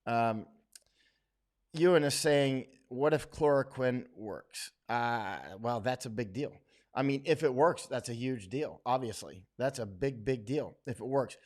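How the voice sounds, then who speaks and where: A middle-aged man speaks in a casual, unscripted livestream style. His voice sits at a mid pitch, and he is blunt and opinionated. He often lets his phrases sink low and quiet as he finishes a point. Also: a little slow. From United States. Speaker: livestream host.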